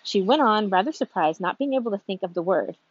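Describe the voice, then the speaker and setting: A woman's voice: mid-range voice, animated, quick pace, muffled recording. A woman reading a children's book aloud from a street, informal, with restarts and asides. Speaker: reader.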